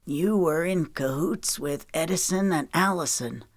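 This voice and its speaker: A woman's voice: low-pitched, measured pace, no room sound. A woman reading the lines of a level-headed male former Navy SEAL in an audiobook.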